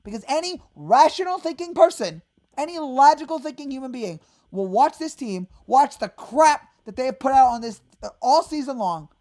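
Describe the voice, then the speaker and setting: A fed-up woman rants as a fan host, and her fairly high voice swings from low mutters to sudden shouts. She sounds worked-up and exasperated. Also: lively intonation, moderate pace. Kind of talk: angry fan rant.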